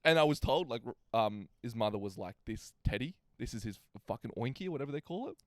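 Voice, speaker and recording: A man's voice: medium pitch, expressive, fast talker, dry recording, studio quality. Swearing young man telling a story. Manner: swearing, acts out quotes in other voices. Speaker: podcast co-host. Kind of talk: casual storytelling chat.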